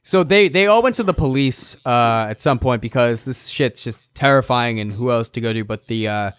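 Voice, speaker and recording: A man's voice: medium pitch, moderate pace, clean tone, no echo. A man co-hosting a comedy podcast, chiming in with laid-back, dry remarks. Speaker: podcast co-host. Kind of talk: casual comedic chat.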